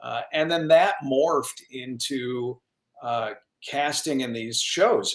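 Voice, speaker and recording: A radio news anchor, speaking in a medium pitch, appears as a guest in a casual interview and tells stories in an animated, self-deprecating way with plenty of restarts. His voice carries a roomy echo.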